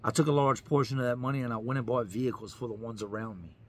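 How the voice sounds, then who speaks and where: A man's voice: mid-range voice, fairly even intonation, quick pace, slight background noise. A man, a YouTuber, telling his own story in an earnest, emphatic way, repeating lines for effect. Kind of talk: personal storytelling to camera.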